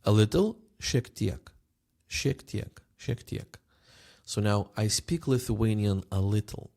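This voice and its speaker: A man teaching a language lesson, patiently repeating phrases slowly for learners. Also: on the low side, expressive, creaky, darkish tone.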